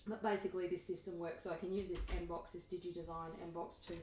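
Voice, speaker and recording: Woman, a singer, demoing mics at home; low-ish voice, rambling, self-deprecating, echoey room with faint hiss. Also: flat delivery, fast talker, darkish tone. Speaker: singer reviewing microphones. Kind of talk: casual demo talk. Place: home recording setup.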